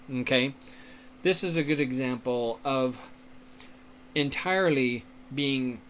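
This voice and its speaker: A man lecturing on public speaking in a slow, explanatory way, often checking in with "okay?" and laughing now and then. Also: fairly high pitch, fairly bright tone, slight background noise. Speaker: teacher.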